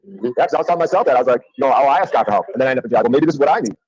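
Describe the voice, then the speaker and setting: Husky guy rattling off a story super fast, lots of swearing, dry mic. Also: medium pitch, animated, a little mellow, muffled recording. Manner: rapid, profane, acts out quotes. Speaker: guest telling a story. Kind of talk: casual chat, storytelling.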